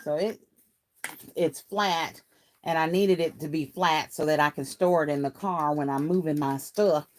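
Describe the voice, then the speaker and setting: A woman's voice: sits low, fairly even intonation, normal speed. A woman hosting a casual crafting livestream. She reads viewer comments aloud and greets viewers by name in a chatty, folksy way, laughing often.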